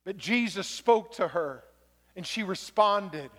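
A man preaching a sermon as pastor, moving from quiet reflection to shouted exhortation, in a church sanctuary. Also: high voice, lively intonation, slow. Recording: long reverb of a large hall.

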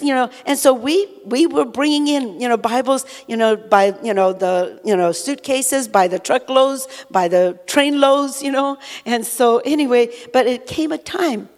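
A woman's voice: high voice, a little mellow. Older woman preaching in an echoing hall. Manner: rambling, heavy "you know" fillers. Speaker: preacher giving testimony. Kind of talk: conversational sermon testimony. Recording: long echoey hall reverb.

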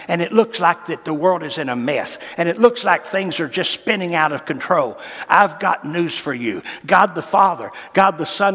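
High-voiced pastor preaching. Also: male voice, fairly bright tone, in a large hall. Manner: fervent, folksy and humorous. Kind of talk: sermon.

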